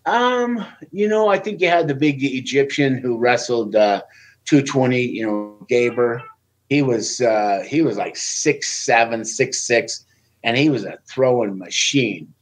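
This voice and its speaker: A little slow and mid-range in pitch, the man is a former Olympic wrestler on a podcast, spinning casual stories. When quoting people he gets animated and raises his voice, all on a low-quality recording.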